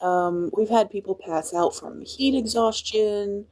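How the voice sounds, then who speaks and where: A woman chats upbeat and easygoing on a phone livestream. Her voice has a mellow, warm tone at a middle pitch. She talks like a base cook catching up with viewers, often restarting mid-sentence. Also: measured pace. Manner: chatty and upbeat, with frequent restarts. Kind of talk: casual livestream chat.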